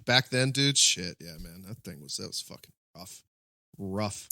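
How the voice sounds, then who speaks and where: A man's voice: sits low, measured pace, no echo, studio quality. A man co-hosting a movie podcast, chatting casually with lots of swearing and laughter. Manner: animated, profane, laughs often. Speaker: podcast co-host. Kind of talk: casual movie-review chat.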